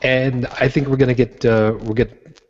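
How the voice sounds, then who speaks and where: A man co-hosting a casual podcast who keeps things moving with dry, teasing asides. His voice sits at a middle pitch. It comes through a dull lo-fi call line. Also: little pitch movement, normal speed, darkish tone. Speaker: podcast co-host. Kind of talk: casual group chat over a card game.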